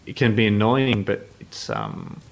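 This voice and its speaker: A man's voice: lowish voice, wildly swooping pitch, unhurried, gravelly. Rambling man telling stories. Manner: rambling, full of "like" and restarts. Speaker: motorsport journalist. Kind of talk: casual anecdote in an interview.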